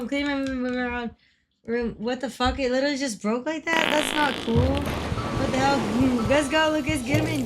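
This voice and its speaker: A woman's voice: sits high, a bit bright, a little hiss or hum. A young woman livestreaming, chatting casually with viewers, swearing freely and greeting people by name. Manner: chatty and profane, greets viewers, frequent laughs. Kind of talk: casual stream chat. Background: game music.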